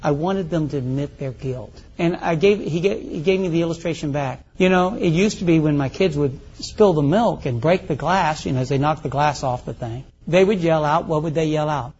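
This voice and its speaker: A man's voice: fairly high pitch, moderate pace, hardly any pauses, darkish tone, husky. A middle-aged male pastor preaching a folksy, conversational sermon full of rhetorical questions. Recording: muffled lo-fi recording.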